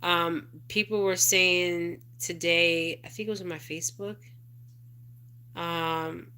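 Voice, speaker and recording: A woman's voice: fairly low pitch, steady tone, slow pace, pushed and bright, smooth. A middle-aged woman hosting a casual livestream, reading viewer comments and rambling with lots of "okay?" and "you guys". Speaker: spiritual advisor livestream host.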